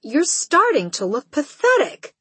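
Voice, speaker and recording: A woman's voice: sits high, huge pitch swings, unhurried, sharp tone, dry recording, pitched above the performer's own voice, full character voice. A woman reading a scornful, bossy teenage girl who taunts a classmate in front of a crowd. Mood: sneering. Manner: sneering, scornful.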